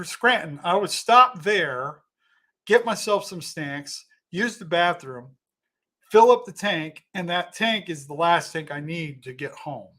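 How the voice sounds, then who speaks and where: A man's voice: a little high, fairly bright tone. Rambling man telling a story. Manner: rambling, self-correcting, thanks donors mid-story. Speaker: comedian telling a story on a livestream. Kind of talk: casual storytelling.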